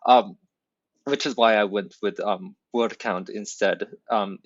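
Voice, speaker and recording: A man whose first language is not English, explaining his writing with frequent ums and careful, halting phrasing. His low voice has a gravelly fry, and the recording sounds dull and lo-fi in a dry space. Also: fairly even intonation, dry recording. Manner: hesitant, many ums, thoughtful. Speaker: poet in a workshop. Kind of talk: casual discussion.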